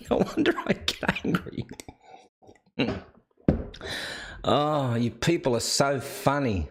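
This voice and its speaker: An Australian man hosting a live chat show and reading viewer comments aloud. He keeps breaking into laughter. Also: fairly high pitch. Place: indoors.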